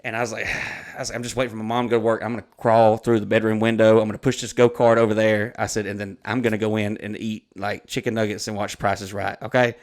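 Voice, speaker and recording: A man's voice: on the low side, level tone, fast, hardly any pauses. Rambling, profane man in his thirties. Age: 30s. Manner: rambling, profane, laid-back. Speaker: podcast co-host. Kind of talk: casual storytelling chat.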